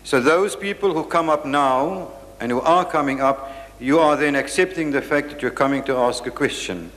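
A man's voice: fairly high pitch, moderate pace, a bit bright. A man chairing audience questions after a lecture, firm and insistent, cutting in to keep order. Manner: firm, insistent, interrupts speakers. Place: large lecture hall. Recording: long hall reverb.

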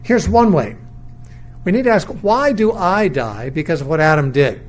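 A middle-aged man gives a sermon lecture in a fairly high voice, thinking aloud as he weighs different views. He questions rather than asserts, and often restarts his sentences. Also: expressive, normal speed. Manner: thoughtful, reasoning aloud, with frequent restarts. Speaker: Bible teacher.

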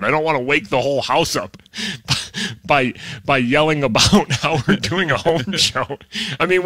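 A man's voice: mid-range voice, pushed and bright, dry recording. A man hosting a morning radio show from home, chatting casually and joking in mock promos while fighting a cough.

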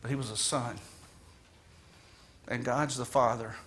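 A man's voice: medium pitch, steady tone, a little slow, fairly bright tone, slight background noise. A man delivering a sermon as guest minister in a church, earnest and emphatic, retelling a story dramatically. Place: church sanctuary.

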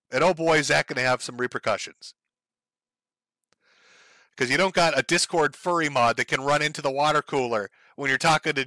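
A fired-up man rants about current events in a bright, forceful voice. His delivery is profane and sarcastic, with mocking impressions dropped in. The sound is close and dry, with no room behind him. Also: a little high, dry recording. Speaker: commentary streamer. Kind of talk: ranting political commentary.

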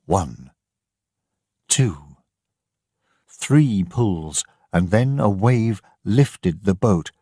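A man narrating a story slowly and deliberately for English learners. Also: lowish voice, animated, dark tone, dry recording, clean studio sound. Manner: slow, clear, deliberate reading.

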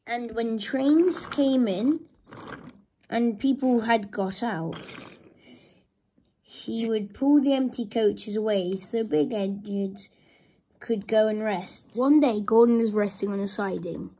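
A woman reading a children's story aloud in a slow, gentle storybook manner. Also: on the high side, husky.

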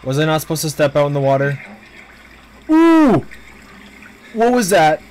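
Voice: mid-range voice, expressive, fast talker, darkish tone, slight background noise, poor audio. A streamer giving casual let's play commentary on a horror game, panicking and swearing and laughing between scares. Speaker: gameplay streamer.

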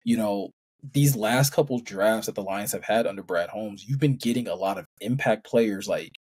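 Husky man, measured sports talk. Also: on the low side, darkish tone. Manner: measured, hedging with "again" and "I mean". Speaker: co-host. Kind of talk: casual sports chat.

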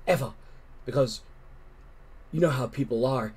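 A man voicing an earnest twelve-year-old boy in a storybook read-aloud, speaking low, quiet and fierce. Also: a little slow, slightly rough.

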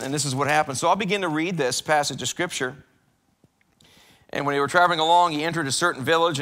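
Male pastor, conversational devotional teaching in church, clear bright tone, a little higher than most men. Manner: conversational, acts out prayers and complaints in a raised voice.

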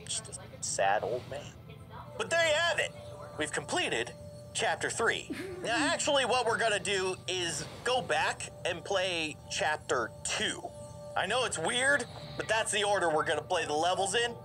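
A man giving lively, jokey commentary while playing a video game, reacting aloud and laughing often. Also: sits high. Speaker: gameplay commentator. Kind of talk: let's play commentary. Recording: game music playing behind. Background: game music.

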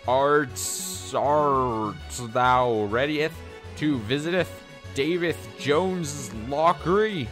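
A man's voice: a little high, slow pace, voice pushed up. A man voicing a pompous male duke in theatrical, old-fashioned mock-Shakespearean speech. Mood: swaggering. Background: game music.

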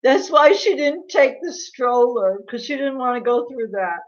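A woman's voice: high-pitched, lively intonation, moderate pace. Gossipy woman on a lo-fi livestream. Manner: gossipy, laughing, reads viewer comments aloud. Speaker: livestream host. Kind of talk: casual livestream chat. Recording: dull lo-fi livestream audio.

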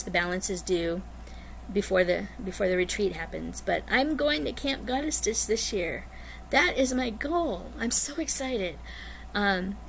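Chatty, excitable woman vlogger. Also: mid-range voice, gravelly, a little hiss or hum. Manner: chatty and rambling, bubbly and excitable. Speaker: cross-stitch vlogger. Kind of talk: casual chat to camera.

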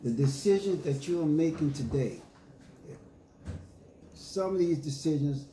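Speaking a little slowly in a fairly high, dark-toned voice, a pastor preaches a sermon in an echoey church with faint ambience, and the audio carries a little hiss or hum. He reads scripture, uses call-and-response, and emphatically renders passages in casual slang.

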